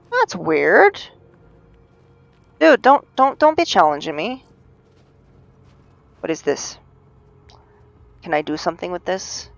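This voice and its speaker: A woman streaming a game live, talking through it in a rambling, self-mocking way and breaking into panicked yells. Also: lowish voice, dry recording, lo-fi sound. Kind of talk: live gameplay commentary.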